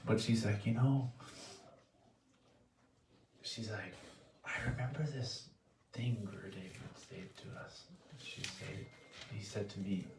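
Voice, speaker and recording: A man giving a heartfelt devotional offering in a temple hall, earnest and soft-spoken, halting and restarting his sentences. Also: on the low side. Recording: echoey room, distant mic, faint noise.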